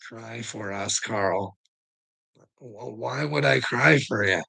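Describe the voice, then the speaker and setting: Gravelly man ranting at his chat. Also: mid-range voice, takes it slowly, bright, forceful tone, poor audio. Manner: combative, profane, needling viewers by name. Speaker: livestream host.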